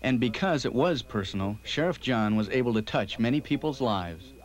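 A man giving measured, reflective scripted narration for a documentary. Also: medium pitch, lively intonation, rough recording.

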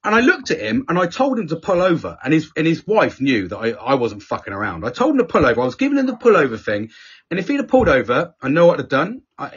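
A fairly high, husky man talks in candid conversation. His pitch rises and falls a lot, he swears freely and keeps restarting his sentences. The audio sounds dull and lo-fi. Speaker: podcast guest speaker.

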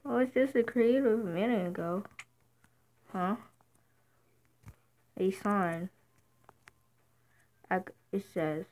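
A woman doing a casual game role-play, talking slowly and hesitantly with many fillers. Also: medium pitch, darkish tone. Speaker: game video maker. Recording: noisy home recording.

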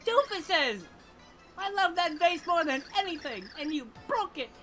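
A woman's voice: extremely high pitch, big pitch swings, a little slow, a bit bright, faint music behind, pitched above the performer's own voice, full character voice. A woman voicing a spoiled, greedy young female game villain in a haughty Valley Girl voice. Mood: bratty.

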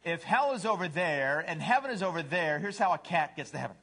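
Animated preacher man, lively pitch. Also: fairly quick. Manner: animated, puts on voices for cats and dogs. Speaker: pastor. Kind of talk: sermon.

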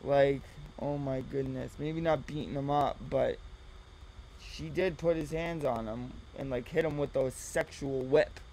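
Slow, sarcastic male commentator. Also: medium pitch, steady tone, creaky, noisy background. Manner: sarcastic, exasperated. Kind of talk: mocking reaction commentary.

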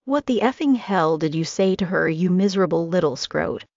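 A spiteful, furious woman with a harsh, sneering edge, voiced by a woman reading a novel aloud. Her voice is low and gravelly. The sound is dull and dry, with no room around it. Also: lively intonation, moderate pace, darkish tone, dry recording.

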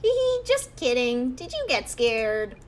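A woman voicing a playful little girl in a high, sing-song kid voice. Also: wildly swooping pitch, measured pace, a little hiss or hum. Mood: teasing.

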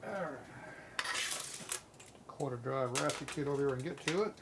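A gravelly-voiced man talks his way through a motorcycle repair, blunt and plain-spoken as he mutters to himself. His commentary is casual and matter-of-fact. Clanking tools and workshop noise sit clearly behind him. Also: medium pitch, normal speed. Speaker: motorcycle mechanic.

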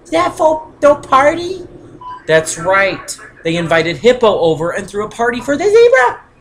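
A woman's voice: high-pitched, very animated, measured pace, slight background noise, poor audio. A woman giving goofy, giggly, rambling commentary as she plays a console game at home. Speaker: gamer. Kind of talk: casual gameplay commentary.

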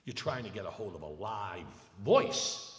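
A man's voice: lowish voice, big pitch swings, unhurried. An older man giving a public lecture, telling stories emphatically in a large hall. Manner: emphatic storytelling with acted quotes. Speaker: lecturer, attorney. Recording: echoey hall with long reverb.

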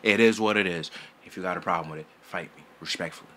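A young man chatting to his subscribers about game news from his home setup. His voice sits slightly low, yet the tone is bright and forceful. He talks loudly and excitably, full of slang and constant "bro"s. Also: fast. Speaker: gaming YouTuber. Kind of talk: casual gaming news vlog.

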